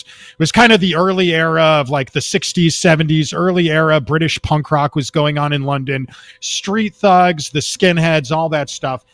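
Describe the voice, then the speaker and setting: A Texan man appears as a talk show guest over a remote call from his high-rise apartment, spinning long, rambling anecdotes in a casual, animated way. There is no echo.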